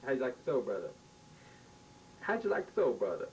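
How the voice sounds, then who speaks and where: A man doing a brash, shouting male visitor. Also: wildly swooping pitch, a little fast. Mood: boisterous. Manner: shouty, slangy. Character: brash, loud male visitor who boasts and dances. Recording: distant mic with faint rumble.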